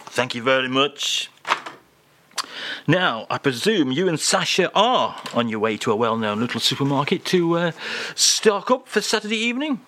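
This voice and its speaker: Chirpy, bright-voiced male radio host. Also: very animated, moderate pace, no echo. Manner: chirpy, mock-pompous banter with bursts of high pitch. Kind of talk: comic radio segment.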